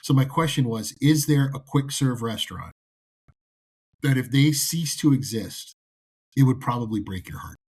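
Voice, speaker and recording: A man's voice: mid-range voice, lively intonation, moderate pace, a little mellow, breathy edge. A man co-hosting a casual trade podcast, joking and playfully dramatic, from the American South. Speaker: co-host.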